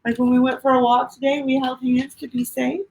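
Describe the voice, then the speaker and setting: Woman pastor, middle-aged, slightly high voice; soft, sing-song picture-book reader who talks to children. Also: flat delivery, fairly quick, vocal fry, poor audio. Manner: gentle, sing-song storytelling with questions to children.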